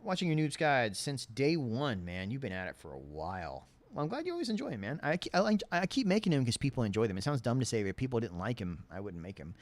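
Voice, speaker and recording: A man's voice: fast talker, hardly any pauses, dry recording. A man with a lisp answering viewer questions in a casual livestream chat, rambling and self-deprecating. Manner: animated, swings between low and high tones.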